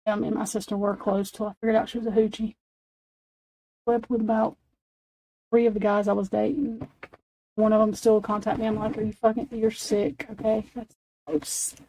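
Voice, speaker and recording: Woman, 40s, late-night streamer, salty and rambling, mid-pitched with a mellow tone. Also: fairly even intonation, moderate pace, gravelly, pauses often, poor audio. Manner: profane, rambling storytelling with laughs. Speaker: livestream host. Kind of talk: casual late-night chat.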